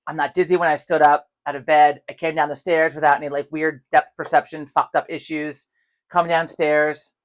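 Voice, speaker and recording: A podcast co-host with a low voice tells a story at a moderate pace. She's profane and animated, swearing a lot and acting out both sides of the conversations on this casual show.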